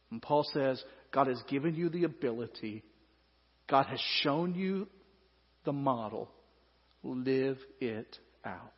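A male pastor preaching a sermon, moving between hushed, slow passages and loud, emphatic ones. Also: fairly high pitch, slightly rough. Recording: echoey hall, dull lo-fi sound.

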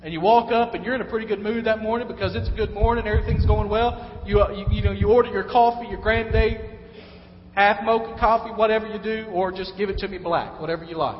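A man's voice: sits high, fairly even intonation, fast, a little hiss or hum. A man preaching a sermon in a conversational way, now and then acting out the voices of people he quotes. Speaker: pastor. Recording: echoey hall, dull lo-fi sound.

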